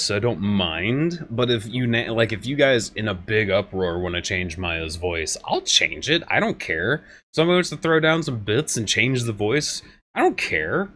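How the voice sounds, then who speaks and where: A man's voice: on the low side, slight background noise. A man streaming a game, chatting casually with his viewers, joking and laughing often. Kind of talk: casual gameplay commentary. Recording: game music loud in the background.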